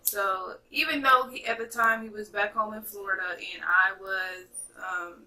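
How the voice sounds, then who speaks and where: A young woman from North Carolina telling a chatty, animated storytime to her viewers. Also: medium pitch, measured pace, distant mic, poor audio. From North Carolina, USA. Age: young adult. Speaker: vlogger. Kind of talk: casual storytime vlog.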